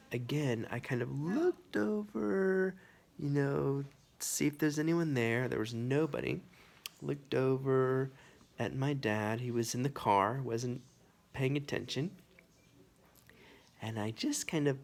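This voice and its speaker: A man telling a personal anecdote, animated and full of sound effects and casual asides. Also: medium pitch, creaky. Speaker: storyteller. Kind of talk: personal anecdote told to camera.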